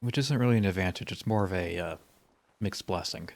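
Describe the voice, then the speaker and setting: A man's voice: deep voice, brisk, gravelly, darkish tone. A male streamer giving casual, rambling commentary while playing a game, with dry, wry humor. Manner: rambling asides.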